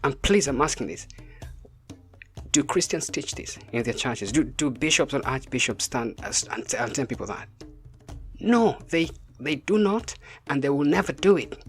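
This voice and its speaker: Casting: African man, spiritual teacher, preachy, presses the point with repeated rhetorical questions, soft music underneath. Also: mid-range voice, lively intonation, a little slow. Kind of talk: impassioned spoken message.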